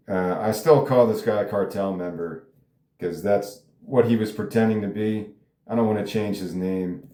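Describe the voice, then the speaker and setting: Casual male writer reading his script; low, mellow voice, echoey room. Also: normal speed. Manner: rambling, casual, swears. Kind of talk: table read with commentary. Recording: roomy echo.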